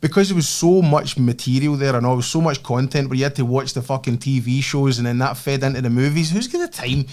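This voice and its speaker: A Scottish man hosting a podcast in casual chat, blunt and sweary, reacting quickly. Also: medium pitch, darkish tone. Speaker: podcast host.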